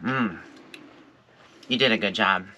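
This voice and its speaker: Male vlogger, bright and sunny tone, chatty and upbeat, faint outdoor noise. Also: lowish voice, takes it slowly. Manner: chatty, cheerful, coos at pets. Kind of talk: casual gardening vlog. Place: outdoors at an RV camp.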